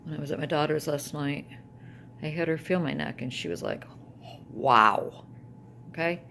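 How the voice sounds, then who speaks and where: A woman's voice: low voice, fairly quick, creaky, slight background noise. An older woman talking casually to camera at home in a personal vlog, rambling with restarts and trailing thoughts. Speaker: vlogger.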